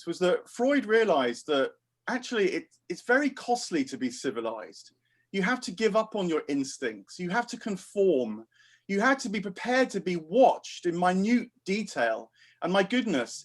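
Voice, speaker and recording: A British man giving a thoughtful, meandering talk over a video call. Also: sits high. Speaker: philosophy speaker.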